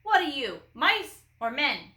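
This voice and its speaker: A woman doing a squeaky blustering mouse commander. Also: big pitch swings, slow, reverberant, exaggerated voice. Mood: bossy. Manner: squeaky, bossy shouting.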